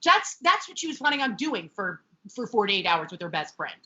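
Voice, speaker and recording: A woman's voice: mid-range voice, very animated, brisk, bright, forceful tone, dull audio. A woman co-hosting a podcast, chatting casually and sarcastically as she recaps a sitcom, swearing freely. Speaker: podcast co-host.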